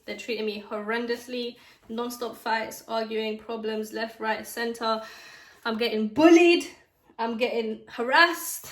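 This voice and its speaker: A young woman with a British accent telling a story time in a chatty, dramatic way, with quick asides. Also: a little high, a bit bright. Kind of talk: casual storytime chat while doing makeup. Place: bedroom at home. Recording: echoey room.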